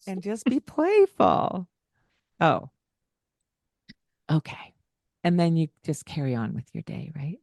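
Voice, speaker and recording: A woman co-hosting a parenting podcast, her voice sitting a little low. She talks in an animated, playful way, slipping into singsong greetings as she acts out talking to children. The sound is dry and close. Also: unhurried, vocal fry, long pauses, no echo. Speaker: podcast co-host. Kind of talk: casual parenting advice chat.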